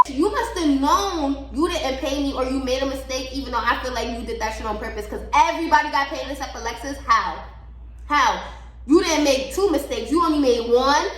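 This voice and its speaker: A woman's voice: high-pitched, a bit bright, reverberant, rough recording. A woman hosting a podcast, telling a story in a casual monologue, blunt and profane as she vents her exasperation. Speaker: podcast host.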